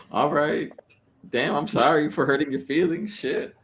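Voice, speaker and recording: A man in casual podcast chat, telling stories in an animated, profane way. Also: fairly high pitch, takes it slowly.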